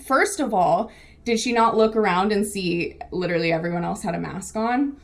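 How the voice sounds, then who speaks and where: A woman's voice: mid-range voice, moderate pace. A young woman from the San Diego area co-hosting a casual weekly recap, chatty and laughing often. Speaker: co-host. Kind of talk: casual news recap chat.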